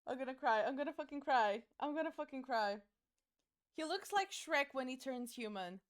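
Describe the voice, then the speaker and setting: A woman's voice: high voice, expressive, moderate pace. A young woman streaming a game, chatting casually with her chat, giggling and swearing.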